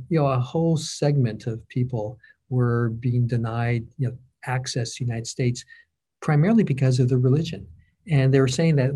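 A middle-aged man with a mellow, slightly husky voice leads a conversational interview. He speaks in a thoughtful, halting way, pausing to find his words. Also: mid-range voice. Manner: thoughtful, halting, gets emotional.

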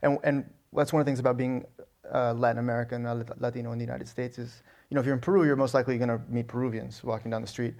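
Fast-talking, flat-toned man telling stories. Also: mid-range voice, creaky. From Alabama, US. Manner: animated storyteller with frequent restarts and "you know". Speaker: guest, novelist. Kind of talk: conversational interview answers.

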